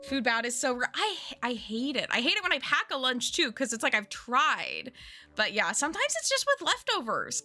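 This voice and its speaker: Bubbly, lively young woman streamer. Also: sits high. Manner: bubbly, rambling, frequent laughs and restarts. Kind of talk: casual chat with stream viewers. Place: home streaming setup. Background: faint game music.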